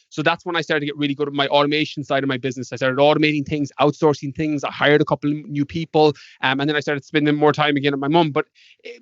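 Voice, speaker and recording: A man's voice: a little high, fairly bright tone, dry recording. An Irish man, a podcast guest, telling stories in a casual interview and acting out past conversations with animation. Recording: dull lo-fi dry sound.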